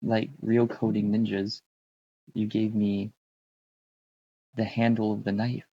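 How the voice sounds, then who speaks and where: A man thinking aloud in a casual, wry, halting way while he codes, speaking close to a desk mic. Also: on the low side, level tone, slightly rough, no echo, dull audio. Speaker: streamer coding on screen.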